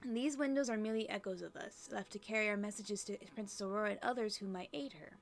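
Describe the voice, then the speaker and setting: A woman's voice: mid-range voice, fast, gravelly, lightly acted. A woman reading game dialogue aloud as kindly, fussy old fairy aunts who call everyone dear. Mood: sweet, doting. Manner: sweet, doting, calls everyone dear. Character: kindly elderly female fairies, motherly and fussy.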